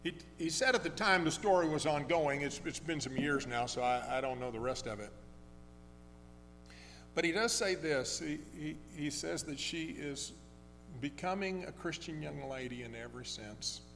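A man preaching a sermon, telling a story in a conversational, halting way with many restarts. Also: fairly high pitch, lively intonation, gravelly, a bit bright. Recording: long hall reverb with faint hum.

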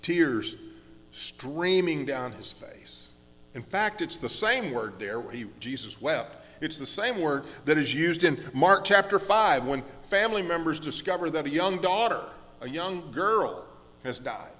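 A man preaching a sermon as pastor, earnest and slowing down on key words, with frequent restarts. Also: a little high, expressive, fairly bright tone, long reverb tail. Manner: earnest, slows down for emphasis with many restarts.

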